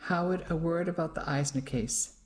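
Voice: mid-range voice, normal speed, close to an everyday voice. A reader voicing a brusque, vain young male lawyer.

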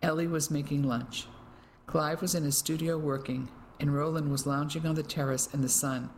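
A woman narrating an audiobook in a measured, dramatic way. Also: sits low, steady tone, a little hiss or hum, poor audio. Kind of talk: scripted narration.

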